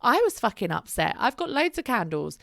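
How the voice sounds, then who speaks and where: A woman's voice: on the high side, big pitch swings, fairly quick, creaky, fairly bright tone, no room sound, clean studio sound. A young woman and mother of three talking candidly in a casual vlog, chatty and full of "like", with casual swearing. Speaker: single mother vlogger.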